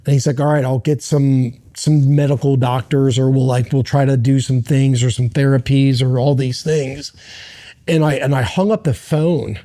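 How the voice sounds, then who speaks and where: A middle-aged American man, a former Navy SEAL, telling a personal story as an interview guest, halting and earnest with many restarts. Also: medium pitch, fairly even intonation, mellow.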